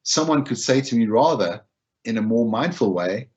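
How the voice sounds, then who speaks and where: A man's voice: mid-range voice, expressive, measured pace, lo-fi sound. Man giving a chatty wellbeing talk. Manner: conversational, repeats phrases, acts out quoted lines. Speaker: wellbeing speaker. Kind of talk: informal talk on emotional support.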